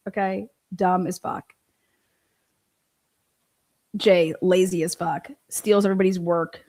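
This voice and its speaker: Speaking slowly with long pauses, a woman with a lowish, slightly mellow voice hosts a casual livestream. She reads viewer comments and talks bluntly, swearing often in a profane, fired-up way.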